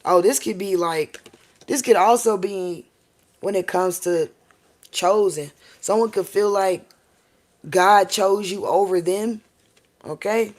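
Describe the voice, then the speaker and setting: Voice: medium pitch, slow pace, pauses often. Rambling, profane tarot reader on a live stream. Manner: keeps asking viewers "okay?" and "all right?".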